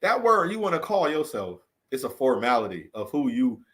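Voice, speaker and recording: Very animated and fairly bright in tone, a man with a medium-pitched voice speaks at a moderate pace. He's a vlogger delivering an unscripted, earnest and preachy motivational monologue, full of restarts, repeated phrases and emphatic rhetorical questions, alternating between raised and subdued delivery.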